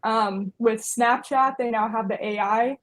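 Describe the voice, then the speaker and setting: A woman's voice: a little high, fairly even intonation, measured pace, poor audio. A woman on a podcast, giving her view casually and a little hesitantly. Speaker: podcast co-host. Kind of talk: casual chat.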